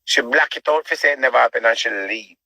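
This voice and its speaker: A man's voice: mid-range voice, fast talker, creaky, bright, forceful tone, no echo, low-quality recording. A man with a Jamaican accent ranting as a show host, preachy and repetitive and full of rhetorical questions. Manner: preachy, repeats himself, asks rhetorical questions. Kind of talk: ranting commentary.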